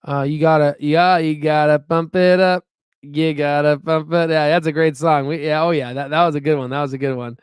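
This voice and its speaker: A man's voice: a little high, clear, resonant tone, no echo, clean studio sound. A young man hosting a casual investing livestream, rambling and upbeat as he reads out viewer chat. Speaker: stock investing channel host.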